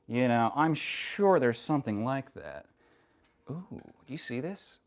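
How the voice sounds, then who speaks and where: A woman's voice: very deep voice, very animated, a little slow. A woman streaming a workout, chatting casually with viewers, wry and profane, teasing chat and straining between sets. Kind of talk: casual livestream chat while working out.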